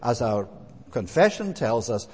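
A man's voice: mid-range voice, sing-song, unhurried, darkish tone, husky. A man preaching a sermon, emphatic and repetitive, with frequent hesitant fillers. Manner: emphatic, repeats points with rising stress, frequent "eh" and "uh" fillers. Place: church. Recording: long reverb of a church hall.

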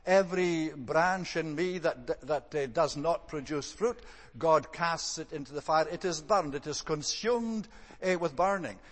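A man giving an evening sermon. He speaks in a measured, thoughtful way, often pausing on "eh" and "uh.". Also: a little high, big-room sound. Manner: measured, thoughtful delivery with frequent "eh" and "uh" restarts. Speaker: preacher.

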